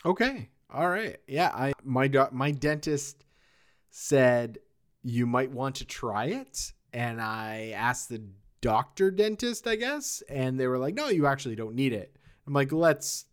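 A man co-hosting a podcast in casual chat, animated and quick to laugh. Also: medium pitch, clean tone. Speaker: podcast co-host.

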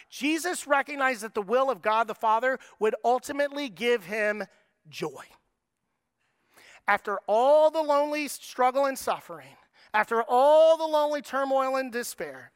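A middle-aged man preaching a sermon, moving between lively, raised passages and soft, slow, quiet lines. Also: very high-pitched, smooth, dry recording, studio quality. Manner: preaching with dramatic shifts in tone, acting out voices. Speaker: pastor.

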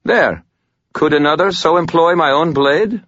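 A regal, stern woman captain gives orders with unshakable authority, as a male narrator puts her on. The voice is husky and pitched up from the reader's low register. The sound is dry and a bit dull. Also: measured pace, a bit bright, dry recording. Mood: commanding. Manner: commanding, authoritative. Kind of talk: audiobook character voice.

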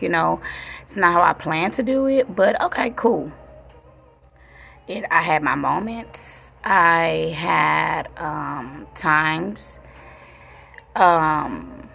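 Gravelly-voiced woman vlogger. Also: on the low side, slight background noise. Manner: heartfelt, rambling, many fillers. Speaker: vlogger, mother. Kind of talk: casual reflective vlog chat.

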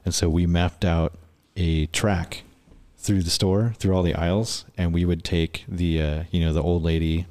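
A man's voice: deep voice, unhurried. A man chatting casually on a podcast, telling a work story full of swearing and acted-out quotes. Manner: profane, animated storyteller acting out quotes. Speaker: podcast guest.

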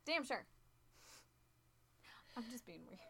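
A woman co-hosting a podcast, chatting casually with giggly, self-deprecating reactions and quick asides. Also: fairly high pitch, very animated, fairly bright tone, husky. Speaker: podcast co-host. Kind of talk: casual chat.

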